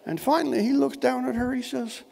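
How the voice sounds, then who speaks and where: A man's voice: very high voice, steady tone, a little fast, gravelly, noisy background. A man, giving a humorous keynote speech in a wordy, witty storytelling manner, with dry and elaborate phrasing. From Newfoundland, Canada. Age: 70s. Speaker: keynote speaker. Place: large indoor conference hall. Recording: echoey hall, long reverb.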